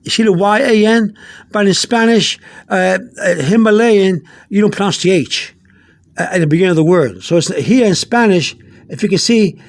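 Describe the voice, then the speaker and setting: A man giving a casual video lesson, rambling with many fillers and repeated words, slowly sounding out foreign words. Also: high voice. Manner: spells out Spanish words slowly. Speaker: Spanish teacher.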